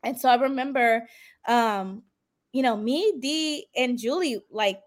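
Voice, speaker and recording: A high-pitched woman talks in a relaxed interview, her voice leaping up when she gets excited. She tells her story with emphatic energy and acts out what people said to her. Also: measured pace. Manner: animated storytelling, acting out quoted dialogue. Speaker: reality show contestant guest. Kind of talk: casual podcast interview.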